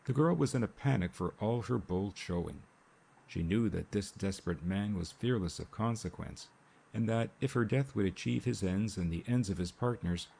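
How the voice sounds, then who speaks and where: A man narrating a mystery novel in a measured, steady audiobook reading. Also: lowish voice, creaky, breathy edge. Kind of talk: scripted narration. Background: rain sounds.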